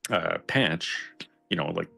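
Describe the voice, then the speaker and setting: Easygoing male co-host, low gravelly voice, greets the audience, faint music behind. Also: slow pace, pushed and bright. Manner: easygoing, greets viewers by name. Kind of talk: casual live-stream chat.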